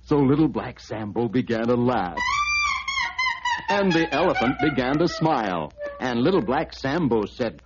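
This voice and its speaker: A man's voice: mid-range voice, animated, unhurried. A man narrating a children's storybook record in a playful, sing-song manner. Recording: dull lo-fi record with music.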